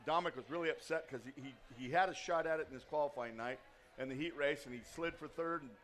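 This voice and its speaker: A man's voice: fairly high pitch, fast talker. A man being interviewed as a guest, talking about his sons' racing in a joking, earnest way. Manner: joking, then soft and earnest. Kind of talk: casual interview.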